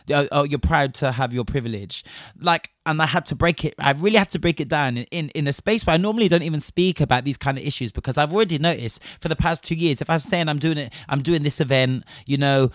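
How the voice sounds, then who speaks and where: Young guy venting hard, lotta swearing, kinda high voice, dry close sound. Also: no echo. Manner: impassioned, heavy swearing, fast bursts. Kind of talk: personal rant to camera.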